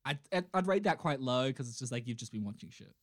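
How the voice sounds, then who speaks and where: A podcast co-host in casual chat, joking, swearing and riffing with animated energy. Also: mid-range voice, quick pace. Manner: animated, jokey, swears freely.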